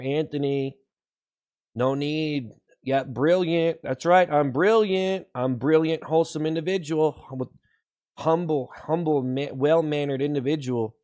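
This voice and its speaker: A man hosting a livestream, shouting repeated whoops between slow, sarcastic slogans praising himself to his viewers. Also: fairly high pitch. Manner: sarcastic, ironic self-praise. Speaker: livestream host. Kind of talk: mock-hype livestream chat with viewers.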